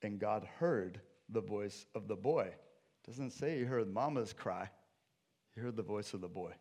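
Guy preaching a sermon, lively storyteller, does the bible characters himself. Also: fairly low pitch, unhurried. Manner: animated storytelling, acts out scripture characters. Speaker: pastor.

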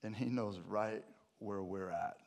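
A man's voice: lowish voice, measured pace, gravelly, darkish tone. A man preaching a sermon, opening with a funny story before teaching on scripture. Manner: storytelling with a joke, then teaching. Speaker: pastor.

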